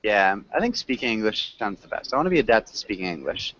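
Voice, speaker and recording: A man's voice: fairly low pitch, big pitch swings, quick pace, fairly bright tone, dull audio, slight background noise. A man teaching an online English class, patiently coaching students on words and pronunciation.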